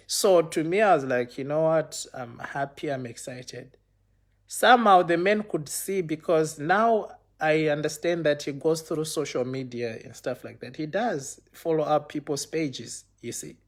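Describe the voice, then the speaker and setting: Young man, slightly higher voice, loose rambling storyteller who keeps asking viewers if they follow. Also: a little slow. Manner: rambling, repeats phrases, checks in with viewers. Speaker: storyteller on a livestream. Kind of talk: casual livestream storytelling.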